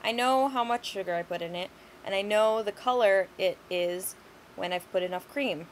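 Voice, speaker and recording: A woman's voice: medium pitch, moderate pace, a little hiss or hum, low-quality recording. A young woman vlogging in a blunt, exasperated, sweary ranting monologue.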